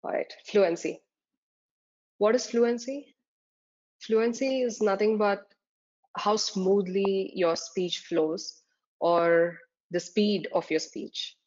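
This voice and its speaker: Speaking slowly with long pauses, this woman has a mid-range, fairly even, slightly mellow voice. As an exam tutor giving a slide-based lecture, she breaks terms down step by step and says "uh" a lot. The audio is dull and lo-fi.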